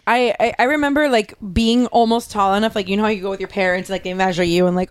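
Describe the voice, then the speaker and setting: A woman co-hosting a casual chat, talking in a quick, chatty way and often saying "like". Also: medium pitch, steady tone, clean tone, no echo. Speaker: podcast co-host.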